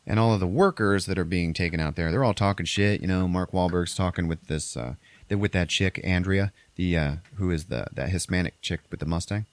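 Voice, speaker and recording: Chatting casually and profanely, a male podcast host retells a movie's plot, slipping briefly into exaggerated high voices for the characters. He speaks fairly quickly in a low voice, and the recording is dry and close, with no room around it.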